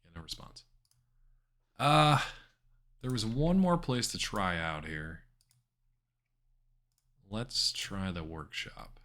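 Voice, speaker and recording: A man's voice: lowish voice, slow pace, pauses often. A man streaming an adventure game live, chatting wryly and reading the game's text aloud. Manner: wry, chatty, animated asides.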